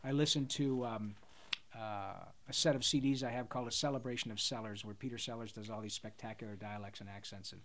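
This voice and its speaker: A man's voice: fairly low pitch, fairly even intonation, fast, a bit bright. A middle-aged man, a voice actor, chatting enthusiastically in a live Q&A, rambling with many fillers and restarts. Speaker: voice actor guest. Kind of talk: casual live Q&A chat.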